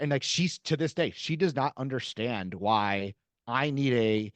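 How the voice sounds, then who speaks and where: Animated male guest in a dry room. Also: medium pitch, moderate pace, dry recording. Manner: animated storyteller acting out dialogue. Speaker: podcast guest, author. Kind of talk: casual interview conversation.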